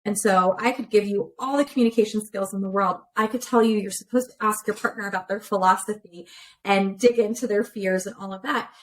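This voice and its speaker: Her pace fairly quick and her pitch in the middle range, a woman relationship therapist speaks as a guest on a remote call. She works through her points step by step in a relaxed, clear, interview-style conversation, using many everyday examples. The recording sounds rough.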